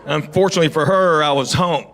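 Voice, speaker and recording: A middle-aged man with a fairly high voice and fast delivery performs stand-up on a comedy club stage before a live audience. He tells stories in a drawling, conversational way with asides to the crowd, and the live recording picks up audience noise.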